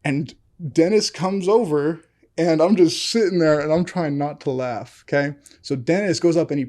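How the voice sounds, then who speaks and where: A man's voice: a little high, moderate pace, a little mellow. A man co-hosting a podcast, telling a story in casual chat, acting out quotes and laughing often. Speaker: podcast co-host.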